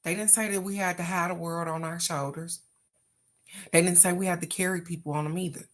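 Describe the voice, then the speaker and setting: A woman's voice: fairly low pitch, fairly even intonation, brisk. A woman hosting a casual live oracle card reading, talking straight to her viewers in an encouraging, motivational way. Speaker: oracle card reader, livestream host.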